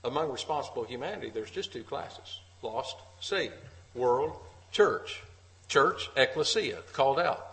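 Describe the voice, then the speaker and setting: A man's voice: mid-range voice, animated, measured pace, fairly bright tone, poor audio. A man preaching an earnest sermon at a church meeting, repeating key phrases for emphasis.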